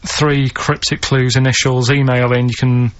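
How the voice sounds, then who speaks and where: A man co-presenting on the radio, talking in a plodding, matter-of-fact, deadpan way while reading out quiz clues. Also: medium pitch, normal speed. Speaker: radio show co-presenter running a quiz segment. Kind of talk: casual radio banter. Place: radio studio. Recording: dull lo-fi radio recording.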